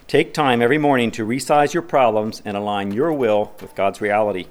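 Man preaching a lively sermon. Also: lowish voice, a little fast. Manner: preaching, reads scripture aloud with rising emphasis; conversational asides, asks the congregation questions. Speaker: pastor.

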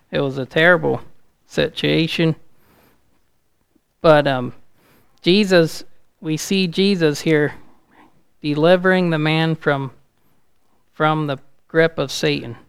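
A man giving an informal, halting sermon, speaking with a gravelly voice that rises loud and urgent at points. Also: a little high, steady tone, no echo. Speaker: preacher.

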